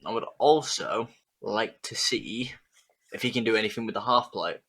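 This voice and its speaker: A man playing in a tabletop game, excitable, swearing and stammering. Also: fairly low pitch, normal speed, husky. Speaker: player.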